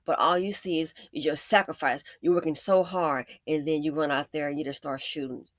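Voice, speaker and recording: A woman hosting an opinion commentary, sarcastic and emphatic, swinging between loud stresses and low muttered asides. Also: fairly even intonation, brisk, no echo. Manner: sarcastic and emphatic, with repeated jabs. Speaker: commentary channel host.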